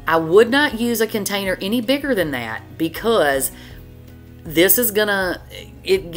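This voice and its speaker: Folksy woman, chatty voiceover. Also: fairly low pitch. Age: middle-aged. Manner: chatty, folksy, says y'all a lot. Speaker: cooking channel host. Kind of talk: homey cooking voiceover. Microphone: voiceover mic.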